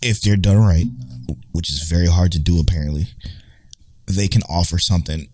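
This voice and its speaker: A low-pitched man co-hosts a casual podcast, cursing freely and breaking into laughter. His tone is dark and mellow. The recording is close and dry, with no room sound. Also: moderate pace, no room sound. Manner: swears often, laughs easily, trails off and restarts. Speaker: podcast co-host. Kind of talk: casual chat.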